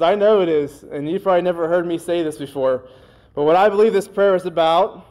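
A man preaching a sermon in a conversational way, with folksy asides, and slowing down on scripture phrases. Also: sits high, a little mellow. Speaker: pastor.

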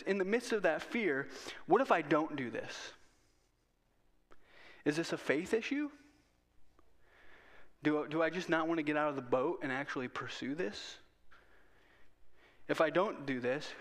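A man's voice: fairly high pitch, fairly bright tone. A man preaching a sermon in an earnest, conversational way, often restarting his sentences. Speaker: pastor.

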